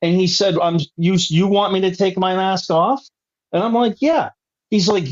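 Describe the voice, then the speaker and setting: Heard through dull, lo-fi audio, a man whose voice sits high speaks at normal speed. He's a guest in a casual chat, ranting hotly and swearing without restraint.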